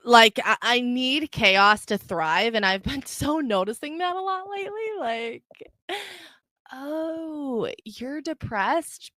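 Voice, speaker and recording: A young woman hosting her own podcast, telling a story in a profane, animated rant and mocking the people in it. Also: on the high side, a little slow, few pauses, dry recording. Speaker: podcast host. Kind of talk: unfiltered solo podcast rant.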